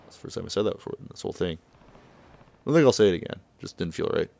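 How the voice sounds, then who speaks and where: A man's voice: low voice, lively intonation, quick pace, gravelly, darkish tone, no echo, studio quality. A man casually recapping a video game, chuckling often and loosely paraphrasing the dialogue. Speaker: gameplay commentator. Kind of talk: casual let's-play recap.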